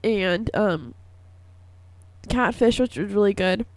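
A young woman hosts a college radio show, chatting in a gushing, filler-heavy way. Her voice is hoarse from a lingering cough. The sound is dry and close, with no room around it. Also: medium pitch, takes it slowly, darkish tone, dry recording. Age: young adult. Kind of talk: casual radio chat. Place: radio studio.

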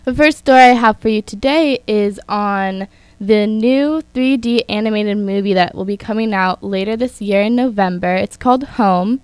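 A young woman hosts an entertainment news show on the radio, moving through her stories in a chatty way and adding casual opinions as she reads. Her voice is smooth and clean. The sound is close and dry, with no room around it. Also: medium pitch, moderate pace, no echo. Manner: chatty, reads from notes with asides. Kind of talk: scripted entertainment news talk.

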